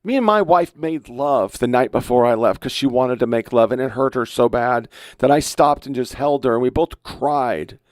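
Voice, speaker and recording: A man's voice: medium pitch, normal speed, no echo, clean studio sound. A man in his fifties hosting a podcast, reacting to online clips in a blunt, profane, emotional rant. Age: 50s. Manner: blunt, profane, heated ranting. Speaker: podcast host.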